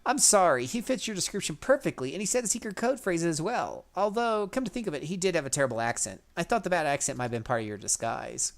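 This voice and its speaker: High trembling voice of a scared spy shopgirl from an old adventure game, put on by a man, gravelly edge. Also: lively intonation, fast talker, few pauses. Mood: fearful. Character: nervous female music-store clerk spy.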